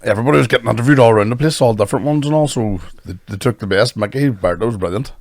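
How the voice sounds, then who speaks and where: A podcast host and comedian with a medium-pitched, slightly mellow voice talks rapid-fire on a dry recording. In casual banter, he tells crude stories full of swearing and laughs often.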